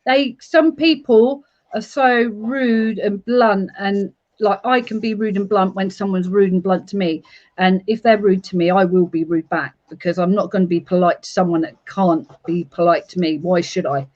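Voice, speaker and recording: A woman's voice: mid-range voice, steady tone, normal speed, a little mellow. A woman chatting bluntly and animatedly in a casual live chat, laughing often. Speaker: urban explorer, live chat co-host. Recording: muffled lo-fi audio.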